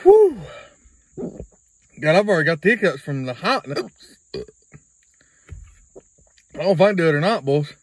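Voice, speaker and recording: A man's voice: fairly high pitch, animated, a little fast, long pauses, no echo, low-quality recording. A man, rambling through a casual video blog in a folksy way and repeating himself. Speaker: vlogger.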